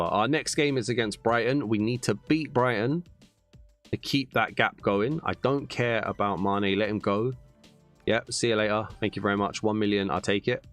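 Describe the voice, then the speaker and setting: A young man calls a football video game in a bright, clear voice, with faint music underneath. He swings from shouting at goals to low, frustrated muttering. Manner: animated, bursts into shouts at goals; mutters and grumbles when frustrated. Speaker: gaming YouTuber. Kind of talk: gameplay commentary.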